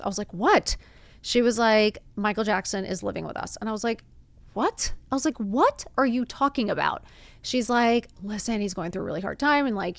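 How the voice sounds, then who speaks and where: Woman, podcast host, casual storytelling, animated, gravelly, dry. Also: medium pitch, no room sound. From Miami. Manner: animated, acts out quotes, says "like" often.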